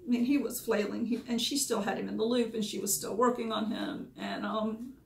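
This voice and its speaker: A woman's voice: on the high side, steady tone, brisk, vocal fry, darkish tone. A woman, a dog groomer candidly recounting past events in short, emotional bursts. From Georgia, USA. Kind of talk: personal storytelling. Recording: echoey room.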